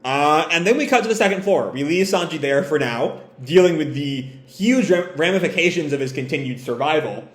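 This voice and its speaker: A man casually reading through a comic chapter and commenting on it, animated and swearing now and then. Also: fairly high pitch, fairly quick, few pauses. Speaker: comic reader and reviewer. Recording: roomy echo.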